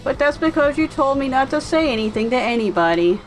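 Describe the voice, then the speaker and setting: A woman voicing an anxious, earnest young man who talks a lot to calm his nerves. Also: sits high, fairly quick, soft background music, poor audio.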